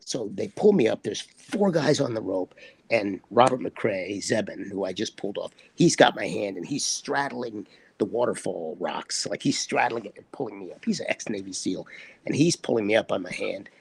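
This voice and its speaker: A man, an actor guest, telling a set story in conversation as an animated storyteller who acts out the quotes. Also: lowish voice, normal speed, vocal fry, a little hiss or hum.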